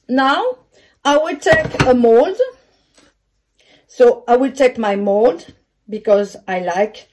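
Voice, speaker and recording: French woman, home cook, careful step-by-step tutorial delivery, slow pace, pitched a bit high. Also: a little mellow, a little hiss or hum. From France. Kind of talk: cooking tutorial. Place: home kitchen.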